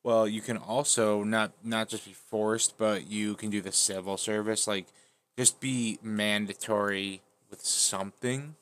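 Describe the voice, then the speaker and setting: A man's voice: on the low side, steady tone, measured pace, a bit bright. A man hosting a casual stream discussion who speaks in a thoughtful, hedging way. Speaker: stream host. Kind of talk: casual debate chat.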